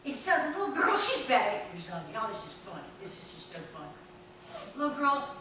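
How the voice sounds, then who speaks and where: A woman pastor preaching a sermon, telling folksy stories and breaking into animated shouts. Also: a little high, fairly quick, a little hiss or hum. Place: church sanctuary. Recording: echoey church from far off.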